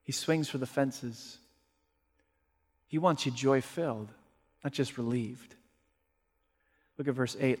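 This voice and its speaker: A man's voice: normal speed, pauses often. Emphatic male pastor in a reverberant hall. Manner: emphatic, rising to forceful peaks and dropping low. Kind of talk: sermon.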